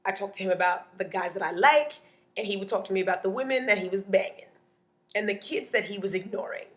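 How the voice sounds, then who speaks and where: A woman, a comedian telling a stand-up story in a playful, animated way, acting out other people's voices. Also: medium pitch, fast talker.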